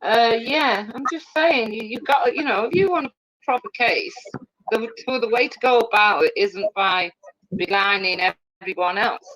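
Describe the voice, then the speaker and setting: A woman's voice: a little high, measured pace, a bit bright, dry recording, poor audio. A woman calling into a live online stream, speaking bluntly and sounding annoyed. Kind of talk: heated live stream argument.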